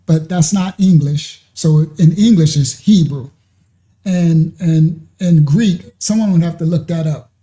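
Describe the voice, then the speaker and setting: A man's voice: on the high side, unhurried, dark tone. A man giving a rambling live-streamed religious teaching, often checking that listeners understand. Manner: rambling, keeps asking "you understand?".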